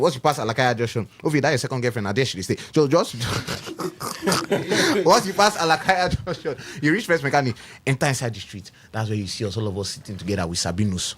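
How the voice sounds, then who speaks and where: A man's voice: mid-range voice, breathy edge. A man with a Nigerian accent bantering on a radio sports show, teasing and slipping into Pidgin. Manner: animated, teasing, mixes Pidgin into his English. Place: radio studio.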